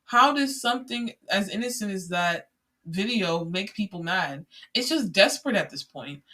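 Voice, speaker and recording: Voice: mid-range voice, fairly bright tone. A young adult podcast host rambling through a casual solo monologue with many filler words and an exasperated tone. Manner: exasperated ranting.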